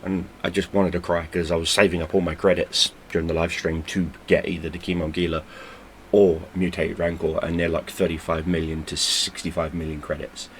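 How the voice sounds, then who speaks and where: A man's voice: sits low, level tone, a little fast, a little hiss or hum. A man hosting a gaming channel, talking in a blunt, casual way full of swearing, often stumbling and repeating words. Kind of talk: casual unscripted vlog talk.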